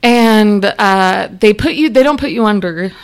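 A woman's voice: medium pitch, measured pace, smooth. A young adult woman, an interview guest, telling a personal story in a candid, chatty way and acting out remembered dialogue.

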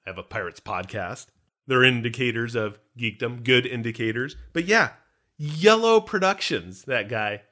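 A man co-hosting a podcast in casual, joking banter, animated and self-mocking. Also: mid-range voice, normal speed. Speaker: podcast co-host.

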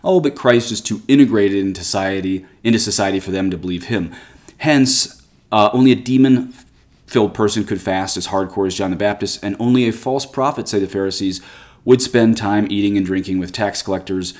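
A priest with a fairly low male voice gives an earnest, conversational talk on a scripture passage. He moves between reading old quotations aloud and explaining them plainly, the way a preacher talks to a viewer. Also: a little fast, a little mellow. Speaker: Catholic priest.

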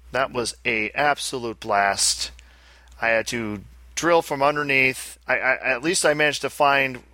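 Guy cohosting a podcast, bright forceful voice, dry close sound, rambles and repeats himself. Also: mid-range voice, no room sound. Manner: chatty, rambling, repeats words. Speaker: podcast co-host. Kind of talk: casual chat.

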